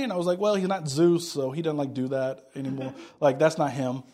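A man's voice: high-pitched, fairly even intonation, quick pace, hardly any pauses, darkish tone. A man preaching a sermon, talking in a conversational way, telling stories and acting out both sides of a conversation. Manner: conversational preaching, tells stories and acts out dialogue. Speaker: pastor.

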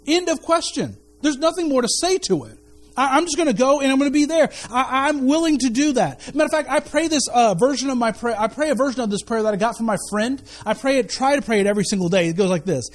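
A man's voice: very high voice, lively intonation, fast talker. A pastor preaching to his congregation, reading scripture, leading a prayer and repeating words for emphasis. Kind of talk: sermon.

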